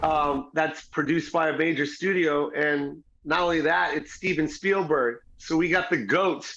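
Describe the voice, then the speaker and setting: A man's voice: fairly high pitch, a little slow, vocal fry, fairly bright tone. A man, a comedian and film star, talking enthusiastically in a casual interview, stressing his points with repetition. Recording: dull lo-fi audio.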